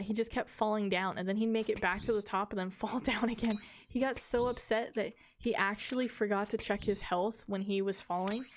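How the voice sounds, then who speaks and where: A woman's voice: mid-range voice, slight background noise. A woman streamer telling a long story in casual chat, rambling with lots of fillers, laughing often and swearing casually.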